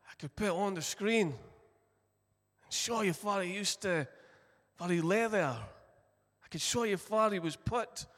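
A Scottish man preaching a sermon as pastor, telling the story earnestly with deliberate emphasis. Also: sits high, fairly bright tone. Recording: long reverb of a large hall.

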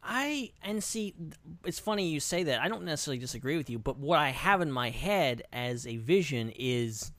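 A man's voice: a little high, lively intonation, moderate pace, a bit bright, no echo. A man co-hosting a podcast in casual chat, thinking aloud and qualifying his opinions. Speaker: podcast co-host.

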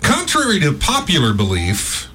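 A man's voice: fairly high pitch, huge pitch swings, moderate pace, bright, forceful tone, slightly rough. Chatty man sharing trivia. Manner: shares trivia facts, laughs often. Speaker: co-host. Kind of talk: casual radio chat.

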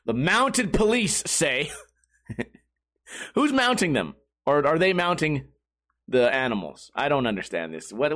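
A man hosting a comedy show, reading a strange news story and riffing on it with crude jokes and frequent laughter. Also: mid-range voice. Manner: animated, crude, laughs often, mocking asides. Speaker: comedy podcast host.

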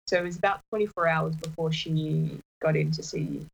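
Low-voiced woman telling a personal story, lots of restarts, kinda muffled recording. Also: wildly swooping pitch, vocal fry, husky. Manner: halting, with many restarts and fillers. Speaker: partner sharing a personal story. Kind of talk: casual chat.

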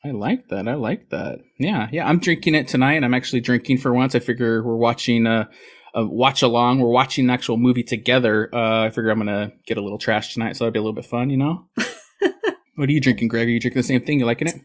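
A man in his thirties hosting a podcast, joking and laughing often in casual chat. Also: medium pitch. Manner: fast, jokey, laughing often. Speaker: podcast host.

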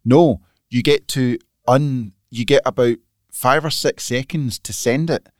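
A man's voice: medium pitch, measured pace, no room sound, clean studio sound. A Scottish man co-hosting a podcast, chatting casually in a grumbling, dryly dismissive way. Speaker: podcast co-host, magazine editor. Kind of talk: casual chat.

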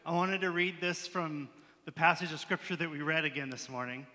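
A fairly high, bright male voice preaching a casual, conversational sermon. The sound carries a long reverb from the church sanctuary around him. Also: fairly even intonation, brisk. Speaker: pastor. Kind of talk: sermon with prayer.

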